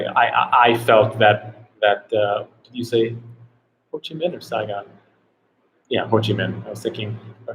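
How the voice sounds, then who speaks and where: A man's voice: lowish voice, a little hiss or hum, rough recording. A man hosting a casual live travel Q&A, rambling and filling his talk with "like". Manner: rambling, heavy on "like" fillers. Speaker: travel vlogger host.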